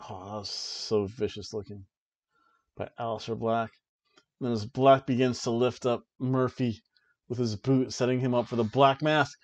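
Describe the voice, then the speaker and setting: A man co-hosting a podcast, casually recapping a wrestling show in an excited play-by-play way with jokey asides. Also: medium pitch, a little slow. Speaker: podcast co-host.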